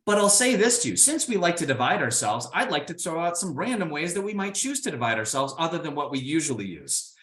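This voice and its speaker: A man's voice: a little high, quick pace, hardly any pauses, roomy sound. A man from Indiana giving a motivational keynote talk, playful and speaking straight to his audience. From Indiana, United States. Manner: animated, playful, addresses the audience directly.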